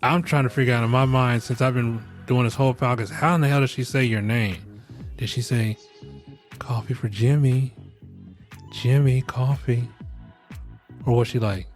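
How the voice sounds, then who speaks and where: A middle-aged man talks straight into the mic, handing out blunt, jokey advice in a loose podcast monologue. His voice sits at an ordinary middle pitch. Faint music plays quietly behind him. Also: fairly even intonation, a little fast. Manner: frank, rambling, jokey. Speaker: podcast host giving advice.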